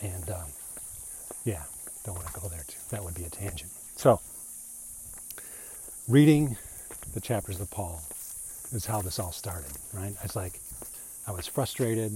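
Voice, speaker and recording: A man's voice: low-pitched, a little slow, long pauses, dark tone, slight background noise. A man in a casual, rambling monologue who keeps slipping into mocking put-on voices when he quotes other people. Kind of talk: casual monologue on reading the Bible.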